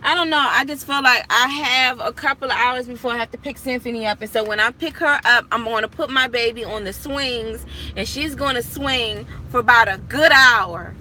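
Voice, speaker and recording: A young property manager chats casually with her viewers on her phone from a parked car, telling stories and laughing often, with street noise drifting in. Her slightly high voice is bright and forceful, at normal speed with hardly any pauses.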